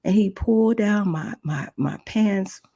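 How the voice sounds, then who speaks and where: A woman's voice: mid-range voice, a little slow, warm tone. A woman hosting a podcast, telling a personal testimony with strong emotion and acting out the voices in her story. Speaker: podcast host.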